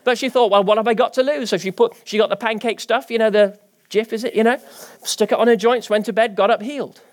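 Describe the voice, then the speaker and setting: High-pitched, animated preacher. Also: male voice, fast talker. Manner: animated, rising to emphatic declarations. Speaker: pastor. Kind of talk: sermon.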